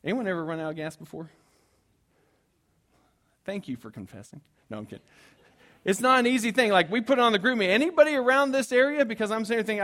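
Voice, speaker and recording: A man's voice: high voice, fast, long pauses. A man preaching to his congregation, telling a story with humor and acting out his own panic. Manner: animated, acts out his own frantic panic; self-deprecating humor with the congregation. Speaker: pastor. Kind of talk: storytelling sermon.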